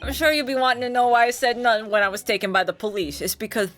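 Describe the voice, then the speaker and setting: A woman's voice: on the high side, steady tone, fast talker, fairly bright tone, close to an everyday voice. Woman putting on a brash Irish suspect, New York slipping in. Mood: defiant. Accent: put-on Irish sliding into New York. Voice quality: slangy, boisterous, pleading.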